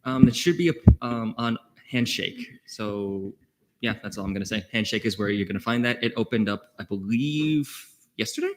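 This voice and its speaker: A man's voice: on the low side, normal speed, background noise. A young man giving a chatty, joking committee report at a student government meeting, with quips and trivia asides. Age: young adult.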